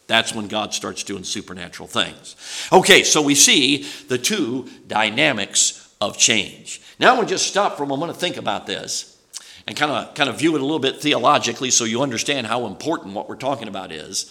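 A man's voice: mid-range voice, animated, brisk, sharp tone. An older man preaching a sermon in a folksy, rambling way, often asking his listeners questions. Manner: folksy, rambling with restarts and asides, asks the audience questions.

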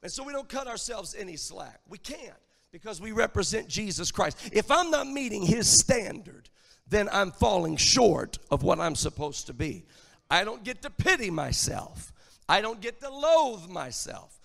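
High, gravelly preacher in a reverberant church. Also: male voice, very animated, moderate pace. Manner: emphatic, building to shouted lines. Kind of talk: sermon.

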